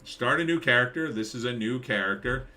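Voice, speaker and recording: A man's voice: medium pitch, expressive, a little fast, bright, forceful tone. A middle-aged man hosting a live stream, rambling sarcastically and reading out chat comments. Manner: rambling, sarcastic, reads chat names aloud.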